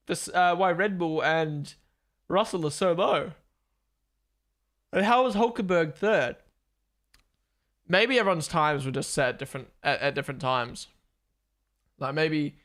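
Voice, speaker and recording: A young man hosting a live race watchalong stream, chatting casually, excitable and swearing as he thinks aloud. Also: fairly high pitch, vocal fry.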